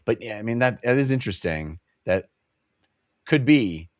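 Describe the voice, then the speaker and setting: A man's voice: mid-range voice, animated, moderate pace, dry recording, clean studio sound. A man co-hosting a book club podcast, retelling the plot in a rambling, jokey way and laughing often. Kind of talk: casual chat.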